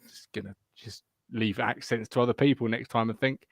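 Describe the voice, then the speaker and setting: A man's voice: medium pitch, fairly even intonation, a little fast, no echo, clean studio sound. A man with a Suffolk accent hosting a casual live fan show from his living room while ill with tonsillitis. He swears freely, laughs at himself, and rambles between thoughts. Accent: Suffolk English. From Suffolk, England. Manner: swearing, laughing, self-mocking.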